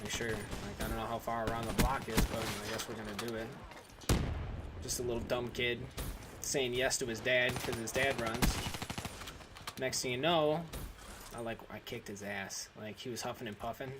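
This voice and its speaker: A man's voice: mid-range voice, steady tone, moderate pace, pauses often, heavy background noise. Rambling young man telling a story. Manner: rambling, filler-heavy, restarts often. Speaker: vlogger. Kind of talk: casual storytelling to camera.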